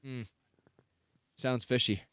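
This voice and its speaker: A man's voice: medium pitch, fairly even intonation, takes it slowly, fairly bright tone, clean tone, dry recording, clean studio sound. A man hosting a casual podcast, running the game and laughing often. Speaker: podcast host. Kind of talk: casual chat.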